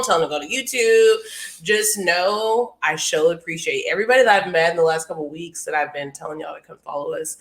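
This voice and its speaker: A woman's voice: sits low, fairly bright tone. A young woman co-hosting a podcast, telling stories animatedly with frequent laughter and swearing. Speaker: podcast co-host. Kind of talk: casual chat. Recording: echoey room.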